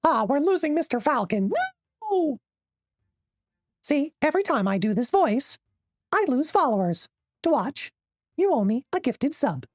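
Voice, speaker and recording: A man streaming a card game while putting on a squeaky, high cartoon mouse voice and swearing in character. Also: very animated, unhurried, long pauses, no room sound, studio quality, heavily acted. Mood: squeaky playful. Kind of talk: live game stream chat.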